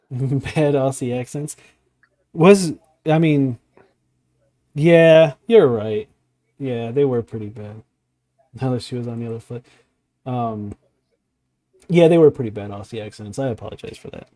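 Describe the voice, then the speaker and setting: A man's voice: mid-range voice, unhurried, long pauses, mellow. A man hosting a casual chat, reacting to a video, rambling with many fillers and restarts. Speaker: podcast host.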